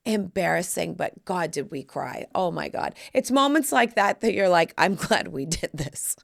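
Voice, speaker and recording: A middle-aged woman hosts a podcast, spinning stories in brassy, playful, casual chat full of animated energy and playful asides. Her mid-range voice is gravelly, her pace measured, and she barely pauses.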